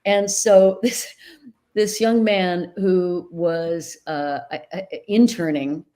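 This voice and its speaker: A woman dialect coach talking in a casual interview, earnest and animated as she tells stories, over a video call mic. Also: fairly low pitch, slow pace. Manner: animated, earnest storyteller with sudden bursts of laughter. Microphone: video call microphone.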